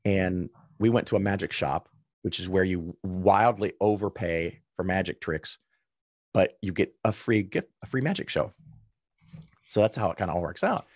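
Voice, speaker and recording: A man guest on a podcast, casually telling anecdotes with quick asides and self-corrections. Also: deep voice, lively intonation, no echo, muffled recording. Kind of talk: casual storytelling in conversation.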